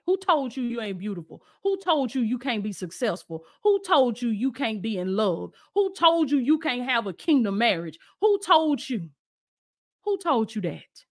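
Woman, preacher, high voice, emphatic, repeats rallying lines, speaks straight to listeners. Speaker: Christian lifestyle coach and preacher. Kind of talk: preaching exhortation to an online audience.

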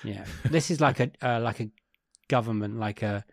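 A man co-hosting a podcast, chatting casually about a film with wry, rambling, deadpan asides. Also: medium pitch, moderate pace, creaky, no room sound, studio quality. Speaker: podcast co-host. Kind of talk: casual film review chat.

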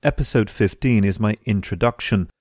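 A man with a fairly low voice hosts his podcast and introduces the episode, dropping wry jokes along the way. The sound is dry and close, with no room echo. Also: moderate pace, darkish tone. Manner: wry, jokey asides. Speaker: podcast host.

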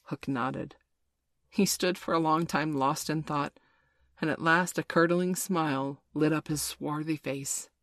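A woman with a low voice narrates a storybook in a measured, expressive way. The recording is close and dry, with no room sound. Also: dry recording.

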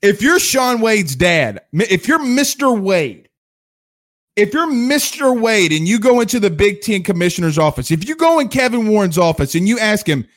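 A man's voice: sits high, big pitch swings, normal speed. A man from Louisiana hosting a sports livestream, ranting in a combative, sarcastic way. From Louisiana, USA. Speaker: sports show host.

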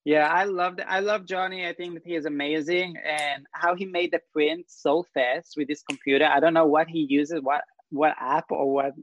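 A man's voice: fairly high pitch, fairly even intonation, normal speed, hardly any pauses, no echo, highs cut off. A man hosting a casual panel chat, upbeat and slangy, laughing often. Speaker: host.

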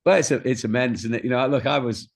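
A middle-aged man, a guest in an interview, telling stories in a warm way and often repeating words as he starts a sentence. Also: medium pitch, quick pace, vocal fry. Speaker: guest, singer-songwriter. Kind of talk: candid interview chat.

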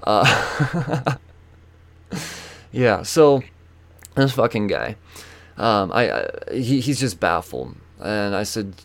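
A man hosting a podcast, telling a story in a casual, profane, animated way. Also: lowish voice, slow pace, vocal fry, long pauses. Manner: profane, animated, acts out quoted voices. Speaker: podcast host.

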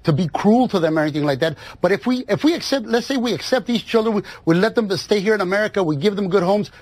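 A man's voice: high voice, lively intonation, quick pace. A man speaking as a political guest in a TV debate, insistent and full of fillers.

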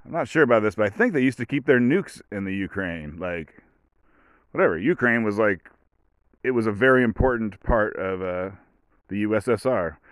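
A man's voice: fairly low pitch, animated, moderate pace, dry recording. A man hosting a casual solo podcast, talking in a rambling, offhand way with dry joking asides. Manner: rambling, offhand, full of "like" and "whatever". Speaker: podcast host.

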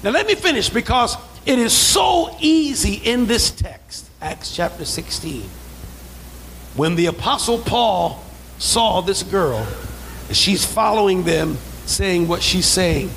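A man preaching a sermon as pastor, calling for amens, acting out quoted voices and rising into shouts. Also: high voice, expressive, takes it slowly, vocal fry, a little hiss or hum, low-quality recording. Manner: preaching with call-and-response, building to shouts; acts out quoted voices in asides. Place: church sanctuary.

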